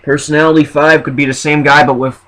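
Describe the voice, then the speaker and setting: A man's voice: on the high side, little pitch movement, fast talker, fairly bright tone, low-quality recording. A man vlogging, rambling through a list of show ideas in a casual monologue. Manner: rambling, with fillers and restarts.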